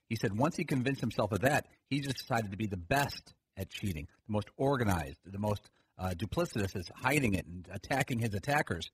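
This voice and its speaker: A man's voice: on the low side, expressive, fairly quick, slight background noise. A man co-hosting sports radio, explaining a point at length in a storytelling way. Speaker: radio show co-host. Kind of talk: sports talk radio discussion.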